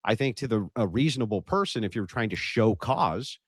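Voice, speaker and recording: A man's voice: fairly low pitch, lively intonation, brisk, husky, no room sound. A man arguing bluntly in a heated online debate, pressing his point and cutting in. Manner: blunt, combative, interrupts.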